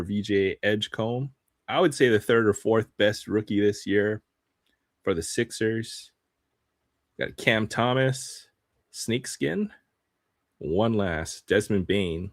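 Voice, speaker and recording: A man with a low voice talks casually to his live stream audience while opening cards, laughing often and trailing off into ums. The sound is dry and close, with no room around it. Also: fairly bright tone, no echo.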